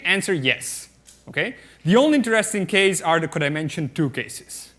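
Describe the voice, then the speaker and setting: A man's voice: high voice, expressive, moderate pace, pushed and bright. A man giving a mathematics lecture at a conference, explaining step by step with many fillers and often checking the audience with "okay?".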